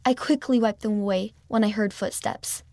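A woman reading a children's story aloud in first person, with a gentle, expressive storytelling manner. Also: medium pitch, moderate pace, dry recording, studio quality. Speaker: storybook reader.

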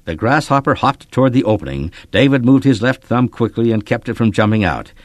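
A man reading a children's story aloud, in expressive, measured scripted narration. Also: medium pitch, no echo.

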